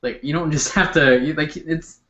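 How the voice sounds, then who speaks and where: A man's voice: a little high, moderate pace, a bit bright. Man in his thirties, roomy lo-fi call. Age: 30s. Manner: dry, filler-heavy. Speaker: cartoonist co-host. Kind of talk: casual chat.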